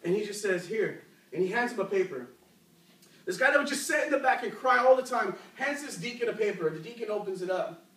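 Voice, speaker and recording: A man's voice: high-pitched, expressive, fast talker, fairly bright tone, far from the mic. A man preaching a conversational youth sermon, telling a story and asking the crowd questions, with many fillers. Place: church youth service, large room. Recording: echoey room, voice from off-mic.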